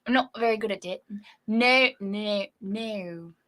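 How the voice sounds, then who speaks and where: A woman's voice: medium pitch, slow, sharp tone. A woman co-hosting a livestream, bantering and teasing her co-host in casual chat. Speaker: whiskey channel co-host.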